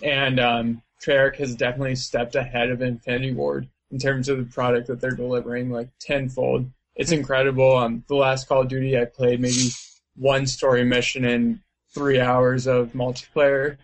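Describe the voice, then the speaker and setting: A man chatting casually in an interview, his talk loose and rambling, full of likes and ums. His voice sits at an ordinary middle pitch. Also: flat delivery, moderate pace. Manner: loose, rambling, heavy on fillers. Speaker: interviewee, video game player.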